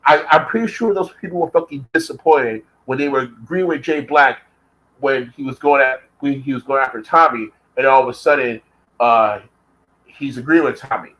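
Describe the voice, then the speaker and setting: A man on a long, heated vlog rant, swearing at every turn and hammering his points home. He talks at a middling pitch in a loose, conversational way. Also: normal speed, a bit bright, rough recording. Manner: heated, profane, repetitive. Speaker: vlogger. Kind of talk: profane rant.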